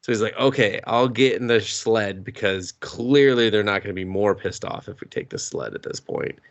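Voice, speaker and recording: A man co-hosting a movie podcast, talking in a casual, profane recap. His pitch sits a little low but swings widely as he acts out characters' lines in bursts. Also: moderate pace. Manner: animated, swears freely, acts out characters' lines. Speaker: podcast co-host.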